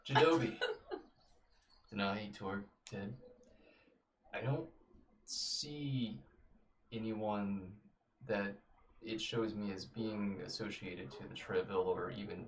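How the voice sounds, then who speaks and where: A man playing a tabletop game casually, slow and deliberate with a joking streak. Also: lowish voice, steady tone, far from the mic, slight background noise. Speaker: player.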